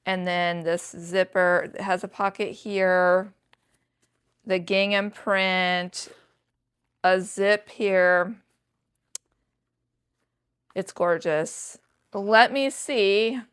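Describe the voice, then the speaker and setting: A woman's voice: fairly low pitch, fairly bright tone, clean tone. A woman in her sixties chatting to viewers in a casual haul vlog, showing off thrifted handbags with chatty enthusiasm. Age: 60s. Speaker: thrift reseller vlogger.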